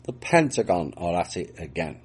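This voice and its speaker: A man's voice: low-pitched, sing-song, normal speed, husky. A man reading out news reports and adding dry, mocking remarks of his own between the items. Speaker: news commentator.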